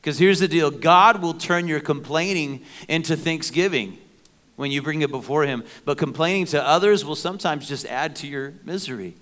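A middle-aged man preaching a sermon in a conversational, animated way, with joking asides and playful sound effects. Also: on the high side, moderate pace. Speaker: pastor.

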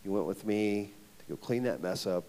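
Man, personal testimony, casual slangy storytelling, animated, loud then whispered. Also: lowish voice, normal speed, very noisy. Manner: casual, slangy storytelling with frequent 'like' and 'dude'. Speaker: guest speaker at ministry event.

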